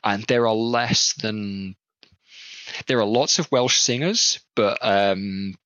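A man with a Southern English accent, talking casually as a podcast guest and pausing often with ums as he thinks. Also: on the low side, a bit bright, no echo. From southwest England. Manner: hesitant, thinks aloud with many ums. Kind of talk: casual conversation. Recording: dull lo-fi dry sound.

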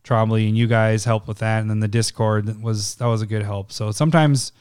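A man from Minnesota hosts a loose podcast chat, rambling through stories, laughing often and acting out quotes. His voice is smooth and resonant. The sound is dry and close. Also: on the low side, fairly even intonation, fairly quick, a little mellow, dry recording. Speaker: podcast host.

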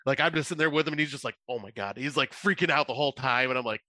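A man co-hosting a podcast, telling animated stories and acting out quotes in casual chat. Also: mid-range voice, racing, no room sound. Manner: animated storytelling, acts out quotes. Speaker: podcast co-host.

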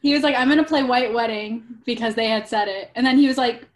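High-voiced young woman telling stories. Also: fast talker. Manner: animated storyteller, many "like"s. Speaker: podcast guest. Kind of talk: casual chat.

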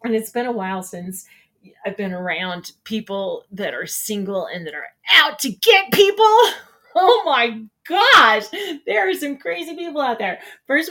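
A middle-aged woman co-hosting a morning show, chatting casually and telling stories with lots of laughter. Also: on the high side. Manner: animated storytelling, laughs often, squeals when excited. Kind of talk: casual chat.

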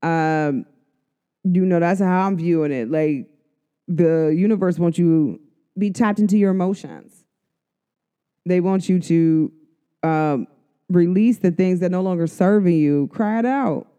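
A woman's voice: fairly low pitch, a little slow, pauses often, mellow, clear, resonant tone. A woman who reads oracle cards gives a casual spoken astrology update. She talks chattily to her viewers, addresses them directly and laughs often.

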